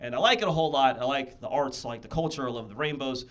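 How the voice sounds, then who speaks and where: A man's voice: mid-range voice, quick pace. A young man from the US Midwest doing a stand-up comedy set on stage, telling stories animatedly and acting out the people in them. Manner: animated storytelling with exaggerated quoted voices. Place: comedy theatre stage before a live audience.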